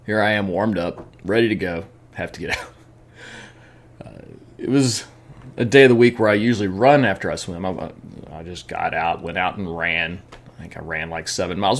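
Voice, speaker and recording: A man telling his training mishaps in a casual vlog, chatty, often laughing and repeating words as he talks. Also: deep voice. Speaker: amateur triathlete vlogger.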